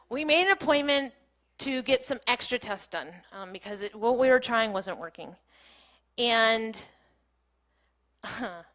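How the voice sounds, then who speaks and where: A woman's voice: fairly high pitch, a bit bright. Candid woman telling a personal story. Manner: candid, laughing, frequent "like". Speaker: keynote speaker. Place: small playhouse stage.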